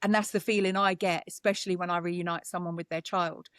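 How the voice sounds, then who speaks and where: A woman's voice: on the low side, steady tone, quick pace, a bit bright, no echo. A British woman, a psychic medium guest, speaking earnestly and with feeling in a conversational interview, often restarting her sentences. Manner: earnest, emotional, talks with many restarts.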